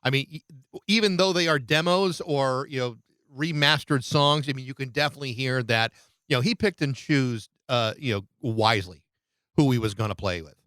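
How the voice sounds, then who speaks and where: A man's voice: medium pitch, normal speed, a bit bright, no echo. A male radio show host chatting easily with his guest and asking long, rambling questions. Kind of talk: interview questions.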